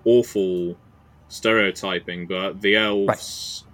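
A man's voice: sits low, fairly even intonation, slow pace, a bit bright. A man co-hosting a podcast, speaking thoughtfully in casual chat with frequent hesitations. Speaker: podcast co-host.

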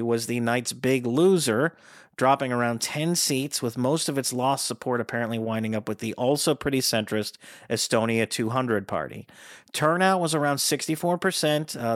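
A man runs through world news on his own, with a dry, sardonic edge and frequent "uh" fillers. His voice sits mid-pitch and is recorded close on a dead, dry mic. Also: fairly bright tone, no room sound. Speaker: news commentator. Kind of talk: solo world news roundup with dry asides.

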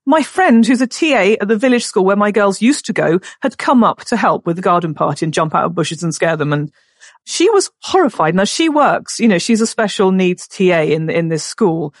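A middle-aged woman telling a story on a podcast. She is animated and acts out other people's voices as she goes, at a middle pitch. The recording is dry and close. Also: brisk, no echo. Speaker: guest.

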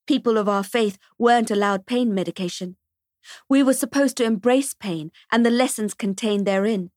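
A woman narrating a dark first-person story for an audiobook, with a steady, earnest, emotional reading on a close studio microphone. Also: mid-range voice, no echo.

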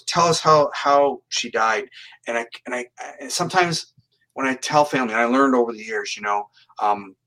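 A man from Canada tells his stories as an interview guest, earnest and plain-spoken. His voice is bright and forceful, at an ordinary pitch. He often doubles back and restarts his phrases. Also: low-quality recording. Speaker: psychic medium guest. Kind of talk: storytelling in an interview.

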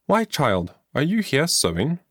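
A man's voice: fairly high pitch, huge pitch swings, a little slow, a bit bright, no room sound, clean studio sound, voice pushed up, exaggerated voice. A man reading an audiobook, voicing a kindly, thoughtful middle-aged mother in a raised voice.

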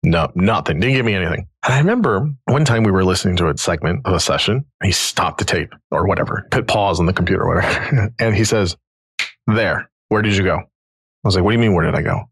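A man with a low, gravelly, husky voice tells a story in a relaxed, chatty way. He is middle-aged and sounds like a podcast host. The sound is close and dry. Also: fast talker, no room sound. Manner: animated storyteller, quoting others in his own voice. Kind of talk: casual storytelling conversation.

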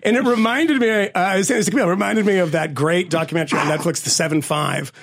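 A man co-hosting a podcast, telling stories in an animated, profane way and laughing as he goes. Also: high voice, fast talker, creaky. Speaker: podcast co-host. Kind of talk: casual storytelling chat.

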